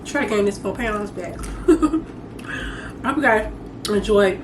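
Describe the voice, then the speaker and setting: Young woman vlogger, chatty and playful, mid-pitched voice, noisy home audio. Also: lively intonation, slow. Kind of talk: casual chat to camera. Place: home, indoors.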